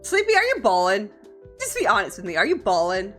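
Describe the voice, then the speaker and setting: A woman's voice: medium pitch, wildly swooping pitch, brisk, a bit bright, soft background music. A young woman streaming from home, chatting casually with her viewers, giggling often and swearing freely. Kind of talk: casual live-stream chat.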